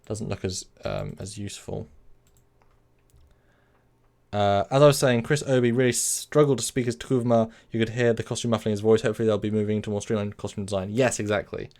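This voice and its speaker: A man hosts a casual live stream, rambling, correcting himself, and reading chat messages aloud to answer them. His lowish voice is steady, brisk, creaky, and a little mellow.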